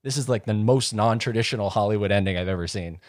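A man's voice: fairly low pitch, fast talker, no room sound, clean studio sound. A man in casual chat, rambling as he retells a scene and acts out voices. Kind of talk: casual chat about horror movies.

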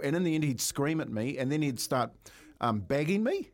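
A New Zealand man on sports radio spinning a yarn, animated and chuckling through it. His voice sits slightly high. He talks like he's among mates. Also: fairly quick. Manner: animated storyteller, laughs as he talks. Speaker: radio sports show co-host. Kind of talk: casual radio storytelling.

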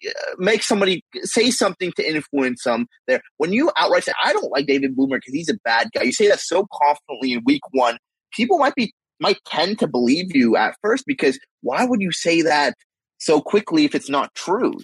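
A man's voice: fairly high pitch, big pitch swings, normal speed, husky, no room sound, rough recording. A man co-hosting a podcast, talking things through in a casual, rambling way with frequent restarts. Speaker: podcast co-host.

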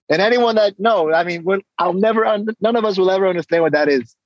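A man guest on an interview, casually telling stories and acting out exchanges with lively energy. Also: sits high, fairly quick, no echo, dull audio. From San Diego, California. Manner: animated storytelling, acts out exchanges. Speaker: guest, hip-hop artist and coach.

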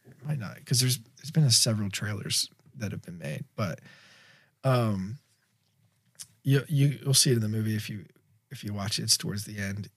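Male director guest, lowish voice, dry close sound, loose rambling storyteller. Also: moderate pace, slightly rough, no room sound. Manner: rambling, filler-heavy, animated storyteller. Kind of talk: casual interview storytelling.

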